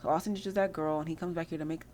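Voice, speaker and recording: A woman's voice: deep voice, fairly even intonation, very fast, a little mellow, a little hiss or hum. A young woman giving casual, slangy gameplay commentary, chatty and freely swearing. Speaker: gameplay video host.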